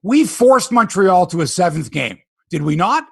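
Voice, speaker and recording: A man hosting a sports podcast, ranting in animated, profane casual talk. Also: sits high, moderate pace, gravelly, husky, no room sound.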